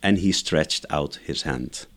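A man's voice: a bass voice, slow, a bit bright. A man, a scholar guest in an interview, giving methodical explanatory answers point by point. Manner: lecturing, methodical, enumerates points.

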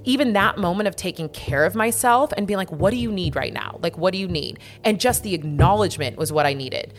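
A woman's voice: expressive, fast, hardly any pauses. A young adult woman talking candidly and emphatically in casual conversation, swearing freely and repeating words for stress. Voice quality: low-pitched, frank, swears freely.

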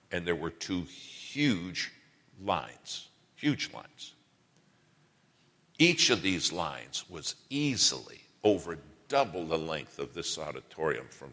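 A deep-voiced middle-aged man preaches in an auditorium, his voice bright and swinging widely in pitch. He tells folksy, humorous stories and keeps asking the crowd questions. The hall gives his words a long reverb. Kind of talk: sermon with storytelling.

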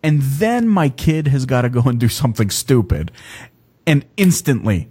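A man's voice: mid-range voice, very animated, moderate pace, warm tone, breathy edge. A man from Canada in his thirties hosting a podcast interview, joking around and laughing often, with plenty of fillers. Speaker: podcast host. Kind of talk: casual interview chat.

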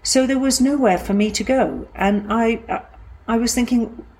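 A middle-aged woman telling a personal story from her own life, in a halting, reflective way with frequent restarts. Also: fairly high pitch, a little mellow, slight background noise.

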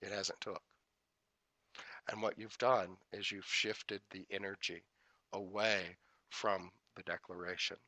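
A man teaching a spiritual talk, repeating affirmations in a measured rhythm, with folksy humorous asides. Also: sits low, level tone, pushed and bright, no room sound. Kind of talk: inspirational talk.

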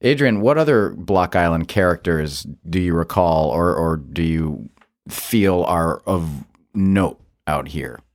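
Deep-voiced man asking short questions. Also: lively intonation, slow pace, dry recording, studio quality. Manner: short prompting questions and reactions. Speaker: host interviewer. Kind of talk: casual interview.

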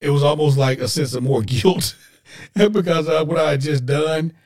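A man's voice: fairly high pitch, fairly even intonation, normal speed, a little mellow. A man hosting a podcast, telling a personal story earnestly and emotionally, with preacher-like asides to listeners he calls guys. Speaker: podcast host.

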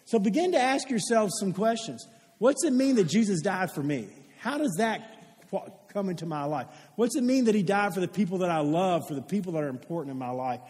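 A man with a notably high voice delivers a sermon, telling stories with earnestness and putting questions to the listeners. His words ring out with a long reverb trailing after them, like a large church sanctuary. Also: lively intonation, a little fast, a little mellow. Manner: earnest storytelling, asks the congregation questions. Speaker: pastor. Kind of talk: sermon with storytelling.

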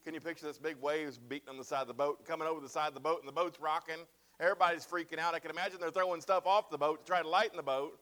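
Male preacher, higher voice, emphatic sermon delivery, repeats lines and checks in with the congregation. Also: fairly even intonation, rapid-fire, bright, forceful tone. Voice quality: bald-headed preacher, self-described. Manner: emphatic, repeats phrases and asks "right?" and "amen?".

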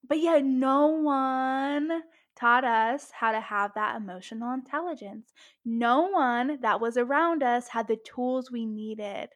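Woman host, high voice, casual and profane, acts out thoughts mid-talk. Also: measured pace. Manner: swearing, animated, acts out inner voices. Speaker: podcast host. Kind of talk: casual self-help monologue.

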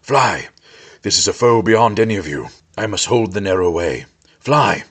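A man voicing a weary old male wizard who stands his ground, speaking low and gravely and rising to commanding calls. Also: expressive, normal speed, a bit bright.

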